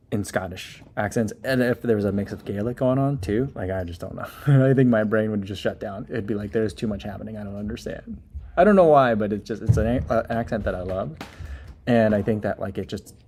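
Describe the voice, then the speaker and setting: Man, thirties, casual livestream host, rambling, chatty, mid-pitched voice. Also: a little mellow. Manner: rambling, chatty, many fillers and restarts, laughs often. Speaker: livestream host reading chat.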